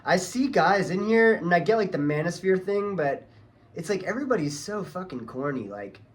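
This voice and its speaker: Man, angry swearing rant, casual vlog talk, slightly high voice. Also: animated, moderate pace. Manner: profane, heated, ranting. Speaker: vlogger.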